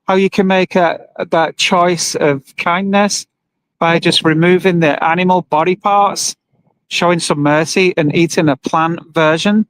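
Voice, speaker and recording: Male livestreamer, higher pitch, earnest and emotional, outdoor phone stream by a road. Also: steady tone, measured pace, fairly bright tone, no room sound, rough recording. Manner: earnest, emotional, talks to viewers and reads comments aloud. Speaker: livestreamer at an animal rights vigil. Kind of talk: live-streamed casual monologue. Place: outdoors by a roadside with passing trucks.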